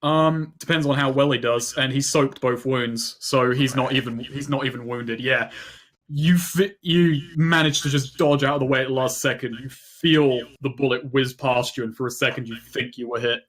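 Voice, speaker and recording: A man's voice: medium pitch, steady tone, normal speed, a bit bright. A man narrating a tabletop game as game master, loose and rambling, full of "um" and "like".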